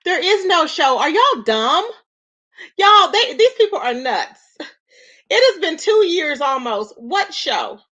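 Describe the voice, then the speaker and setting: A woman's voice: very high voice, sing-song, takes it slowly, bright, forceful tone. A woman hosting a live stream, talking with sass and exasperation, asking rhetorical questions and greeting viewers with endearments. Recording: dull lo-fi stream audio.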